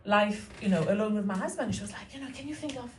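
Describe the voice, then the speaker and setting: A woman's voice: medium pitch, fast, darkish tone, slight background noise. A woman in her forties performing a stand-up comedy set, with wry, mock-innocent rhetorical asides and audience laughter behind her. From France. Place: comedy club stage. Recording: echoey room, mic at a distance.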